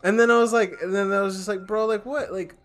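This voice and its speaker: A young male podcast co-host rambles through casual chat, packed with fillers and swearing, acting out short quoted exchanges in animated impressions. He speaks high and quick over soft background music.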